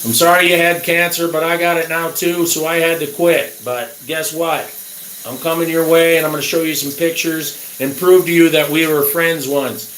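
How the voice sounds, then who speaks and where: A man's voice: fairly high pitch, little pitch movement, normal speed, a bit bright. A middle-aged man ranting crudely and angrily at his viewers in a casual talk. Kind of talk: casual rant. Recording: roomy echo, faint background noise.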